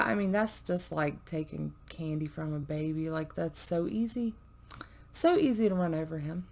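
A woman's voice: medium pitch, a little mellow. A woman hosting a reaction video, chatting casually to viewers, with many fillers, sometimes dropping to a murmur.

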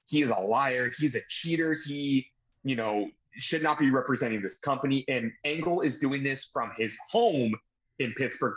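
A man with a mid-range voice recaps a wrestling show in casual podcast chat. He strings events together in long, steady narration, easygoing and conversational. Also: mid-range voice, lo-fi sound. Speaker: podcast host.

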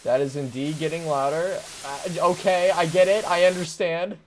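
A man's voice: a little high, fairly even intonation, normal speed, slight background noise. Hyper, rambling young gamer guy. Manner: hyper, rambling, jokey, with sudden loud outbursts. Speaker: gaming commentator. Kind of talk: let's play commentary. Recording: faint game music behind.

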